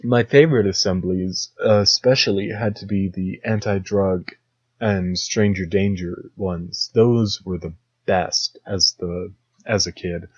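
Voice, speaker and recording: A man's voice: deep voice, steady tone, measured pace, breathy edge, no echo. A young man hosting a solo comedic podcast, rambling sarcastically and slipping into mocking impressions. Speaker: podcast host. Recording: dull lo-fi dry recording.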